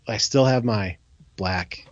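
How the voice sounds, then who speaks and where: A man's voice: on the low side, takes it slowly, no room sound, dull audio. A man co-hosting a casual podcast, joking and ranting about sports. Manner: animated, jokey rants. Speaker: podcast co-host. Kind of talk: casual chat.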